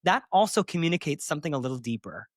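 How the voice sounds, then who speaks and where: A man's voice: fairly high pitch, animated, fast talker, no echo, clean studio sound. A man hosting a solo podcast as a therapist, talking candidly and emphatically, with sassy asides.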